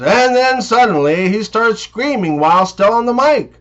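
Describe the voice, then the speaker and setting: A man telling one-liners and short jokes as a comedian, with quick punchline delivery. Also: high voice, expressive, fairly bright tone, muffled recording.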